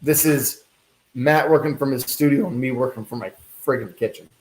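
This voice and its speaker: A man's voice: mid-range voice, moderate pace. A man co-hosting a casual podcast from his kitchen at home, teasing and playful as he runs a trivia game. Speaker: podcast co-host. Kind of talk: casual chat. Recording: echoey kitchen.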